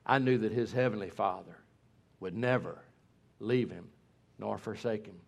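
A man's voice: on the low side, normal speed, gravelly. Man preaching a sermon. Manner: emphatic preaching with repeated words.

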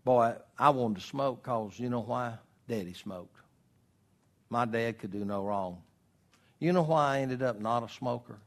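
A middle-aged preacher delivers a folksy sermon in an ordinary mid-range male voice. He drops to soft, confiding asides, then swells into loud, slowed-down emphasis. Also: medium pitch. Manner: homespun, swings between soft asides and loud emphatic stretches.

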